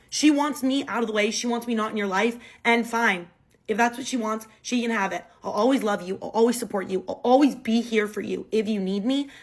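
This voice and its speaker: Young woman doing a storytime, animated and fed up, a bit high voice. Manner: animated, exasperated retelling with quoted dialogue. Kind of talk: storytime vlog.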